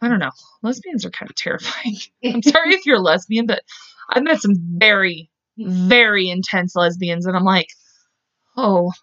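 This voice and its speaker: A woman's voice: mid-range voice, moderate pace, fairly bright tone, no room sound, muffled recording. A woman hosting a podcast, telling a true-crime story in a chatty, profane way with side tangents. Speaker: podcast host.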